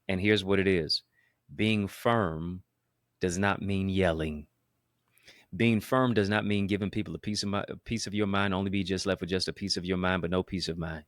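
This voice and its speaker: A man's voice: low-pitched, fairly even intonation, normal speed, dry recording, clean studio sound. A man hosting his own show, delivering a motivational talk with an emphatic, preacher-like cadence full of repetition and wordplay. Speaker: motivational speaker and show host.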